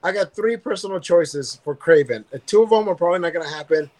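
A man with a somewhat high voice hosts a nerdy news podcast, reading items in a loose, rambling way. He fills gaps with ums and uhs and keeps it casual. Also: fast talker, rough recording. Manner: relaxed, rambling with many fillers.

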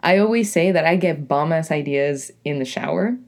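A young woman with a deep, raspy voice and a New England accent, hosting her own podcast as a poet in a rambling, casual monologue full of "like" and "you know". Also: moderate pace. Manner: rambling, lots of "like" and "you know", self-correcting.

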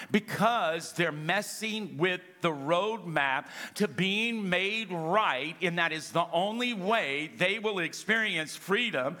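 A middle-aged man preaching a sermon to a congregation, calling out to them and acting out little scenes. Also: high voice. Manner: animated preaching with audience call-outs. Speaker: pastor. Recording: long reverb of a large hall.

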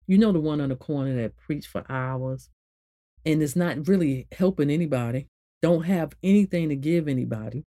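A woman's voice: moderate pace, dark tone, dry recording. Dry-voiced woman giving spiritual advice. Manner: conversational, repeats phrases, swings from low to high emphasis. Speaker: meditation therapist. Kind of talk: spoken motivational teaching.

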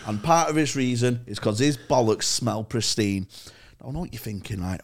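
A man's voice: mid-range voice, animated, moderate pace. Crude laddish male podcast co-host. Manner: swearing, laddish, jokey. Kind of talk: crude banter and ad read.

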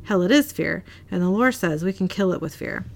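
A woman's voice: on the low side, expressive, fairly quick, gravelly, a little mellow. A woman reading the lines of a blunt older male hunter mentor in her own plain voice. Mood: dry.

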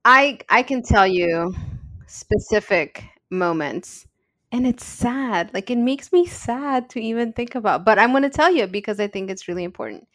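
A woman's voice: on the high side, animated, moderate pace, a bit bright, no room sound, clean studio sound. A woman co-hosting a podcast in casual chat. She tells personal stories in an earnest, open way. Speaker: podcast co-host.

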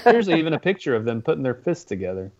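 A man's voice: a little high, big pitch swings, fast talker, darkish tone, dull audio. A man in a casual podcast chat who asks puzzled questions.

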